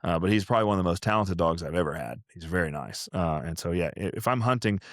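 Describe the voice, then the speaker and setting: A man's voice: low-pitched, lively intonation, fast. A man who trains retrievers and runs a kennel, talking in a casual podcast chat that rambles with fillers and restarts.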